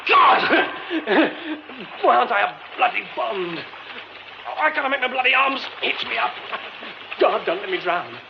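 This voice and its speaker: A flustered young theatre director who mutters to himself and speaks up in a bright, high voice that rises and falls a lot. It is a muffled radio play with clear background hiss. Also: male voice, expressive, unhurried, full character voice. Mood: panicked. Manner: muttering to himself, then panicked. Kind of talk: radio drama acting.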